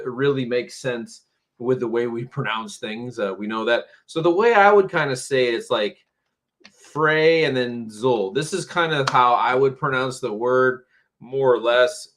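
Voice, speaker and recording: A man teaching English phrasal verbs on a live stream, patient and slow, repeating words for learners. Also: medium pitch, fairly bright tone. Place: home, Tampa area.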